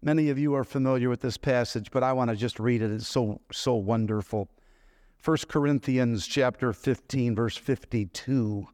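A man's voice: medium pitch, moderate pace, darkish tone, no echo, studio quality. A middle-aged man preaching a sermon, telling personal stories in a conversational way and asking the congregation questions.

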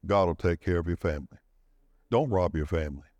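A man preaching with a lively, wide-ranging voice that climbs to emphatic peaks and drops low again. He calls out to his congregation for a response. The recording is dry and close, with no room echo. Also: fairly quick. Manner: dramatic swings in pitch and pace, rising to shouts of emphasis. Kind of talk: sermon.

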